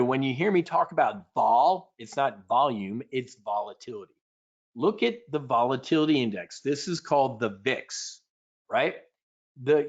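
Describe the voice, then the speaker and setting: A man leading a live trading webinar as an options instructor, energetic and punchy, breaking into shrill mock panic now and then. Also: lo-fi sound.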